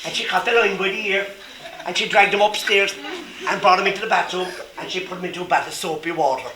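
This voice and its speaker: A storyteller from Cork, Ireland, telling a story to children in a lively way and asking them questions. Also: mid-range voice, quick pace, crowd noise. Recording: roomy echo.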